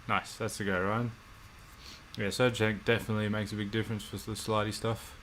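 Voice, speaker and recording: An Australian man chatting casually on a livestream, laid-back and quick to swear. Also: fairly low pitch, little pitch movement, a bit bright, a little hiss or hum. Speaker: livestream co-host.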